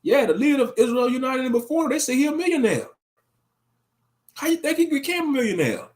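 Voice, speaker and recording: A man's voice: very high voice, very animated, fast talker. A man giving impassioned, scolding religious commentary, mocking the people he criticizes. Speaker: online commentator.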